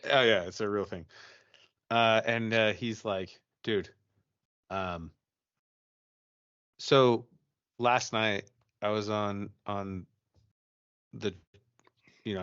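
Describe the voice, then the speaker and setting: A man's voice: low-pitched, a bit bright, dry recording, lo-fi sound. A man co-hosting a podcast, chatting casually and telling a ghost story, profane and rambling with many restarts. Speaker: podcast co-host.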